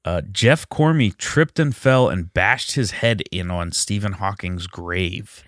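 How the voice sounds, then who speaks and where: Deadpan male comedy podcast host. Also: sits low, takes it slowly, dry recording, studio quality.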